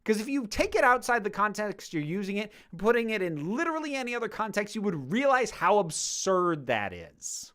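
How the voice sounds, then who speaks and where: A woman speaking straight to camera, answering viewer questions in a loose, conversational way. Her pitch moves a great deal from line to line. She grows heated as she talks and swears freely. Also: sing-song, moderate pace, few pauses. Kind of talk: casual Q&A monologue.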